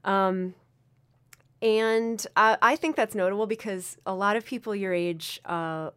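A woman's voice: medium pitch, unhurried, fairly bright tone, clear, resonant tone. A woman over thirty-five hosting a casual radio show, chatty and full of fillers. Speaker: radio host.

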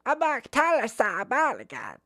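A man's voice: wildly swooping pitch, pushed and bright, no echo, clean studio sound, exaggerated voice. A man doing a whiny little toddler boy. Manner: high, halting baby talk.

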